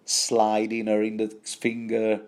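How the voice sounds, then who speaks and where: A man's voice: on the low side, completely flat delivery, slow. A man giving a rambling, playful book commentary, full of fillers, restarts and self-corrections.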